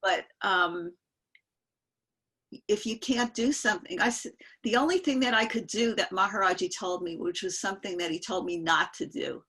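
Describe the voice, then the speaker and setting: Bright, husky older woman telling a story. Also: medium pitch, normal speed, rough recording. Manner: rambling, self-interrupting, laughs while telling. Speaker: guest storyteller. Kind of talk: casual spoken storytelling. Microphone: video call.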